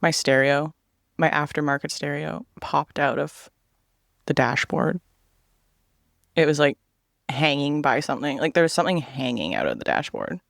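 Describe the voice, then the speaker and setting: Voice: mid-range voice, lively intonation, moderate pace, gravelly, pauses often, a bit bright, no echo, studio quality. A man in his thirties telling a personal story in a casual vlog chat, swearing freely and acting out what other people said.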